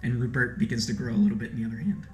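A man narrating as game master in a tabletop role-playing game, animated and quick to laugh. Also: mid-range voice, reverberant, soft background music.

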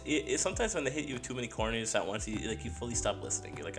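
A man's voice: medium pitch, lively intonation, racing, over music. A young man co-hosting a podcast, talking casually, with slang, laughter and restarts. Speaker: podcast co-host. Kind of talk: casual chat.

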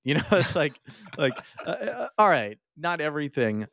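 A man's voice: a little high, big pitch swings, a little fast, fairly bright tone, no echo. A man hosting a casual podcast interview, who laughs often and hesitates with many fillers. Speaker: podcast host.

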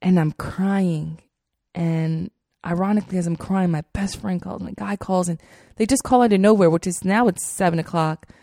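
A woman's voice: fairly low pitch, moderate pace, warm tone, no room sound. A woman hosting a podcast, telling a heartfelt personal story in an earnest way, with many fillers and repeated phrases, on a close mic. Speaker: podcast host.

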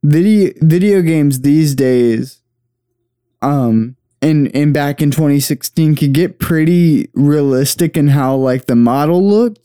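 A young man with a slightly higher, mellow voice searches for words and piles up fillers as he chats about a film. The recording is dry and up close. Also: smooth, dry recording. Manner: halting, lots of fillers. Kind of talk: casual movie watch-along chat.

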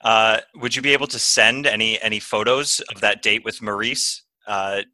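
Male podcast co-host doing a mock news-desk read, very bright tone, dry close sound. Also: fairly low pitch, fairly even intonation, moderate pace, dry recording. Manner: mock-formal anchor delivery.

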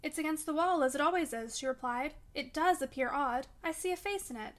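A woman's voice: high-pitched, fairly quick, fairly bright tone. A woman reading aloud as a feverish, delirious young woman, dreamy and frightened. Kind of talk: audiobook reading.

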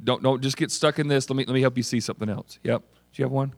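A man preaching a sermon in a conversational, animated way, often putting questions to the congregation. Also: medium pitch, fast, creaky, no echo, studio quality. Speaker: pastor.

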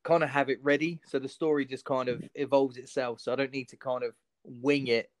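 A man's voice: medium pitch, little pitch movement, brisk, no room sound. Easygoing male comic co-host. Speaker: comedian, podcast co-host. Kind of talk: casual podcast chat.

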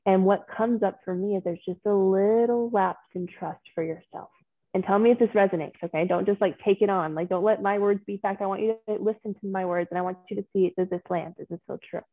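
Gravelly, husky-voiced woman coach on a call. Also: medium pitch, steady tone, brisk, no room sound. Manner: warm, affirming, encouraging, uses pet names. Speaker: transformational coach. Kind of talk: coaching a group on a video call. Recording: phone-like video call audio.

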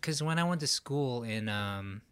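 A man's voice: medium pitch, expressive, measured pace, a bit bright, smooth. A young adult man from New York hosting a podcast, joking and rambling casually while a little tipsy. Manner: jokey, rambling, a bit tipsy. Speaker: podcast host.

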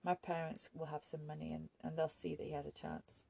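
A woman reading an audiobook voices a calm, resigned young man who speaks softly and never raises his voice. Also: deep voice, brisk, gravelly, breathy edge, heavily acted. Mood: sorrowful. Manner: soft-spoken, never raises voice.

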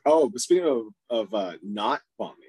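Husky, laid-back podcast co-host man. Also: expressive, moderate pace, a little mellow, no echo, rough recording. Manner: laid-back, swears casually, speaks low so as not to wake someone. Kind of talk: casual chat.

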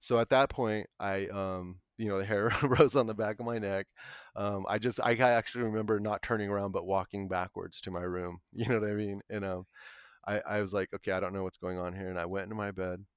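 A man, a podcast guest, telling a paranormal story in an earnest, halting way. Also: on the low side, fairly even intonation, smooth, no echo. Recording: muffled lo-fi audio.

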